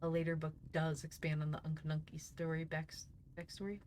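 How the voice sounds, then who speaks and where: Woman reading a kids' book live, low voice, giggles with chat. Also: monotone, fairly quick, darkish tone, a little hiss or hum. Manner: giggly, chatty asides to viewers. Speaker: streamer reading a book aloud.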